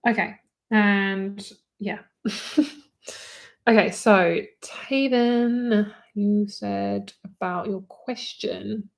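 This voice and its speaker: Gravelly-voiced British woman chatting live. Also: medium pitch, steady tone, extremely slow. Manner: candid, frequent "like", swears freely. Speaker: tarot reader. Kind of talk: casual live-stream chat with viewers.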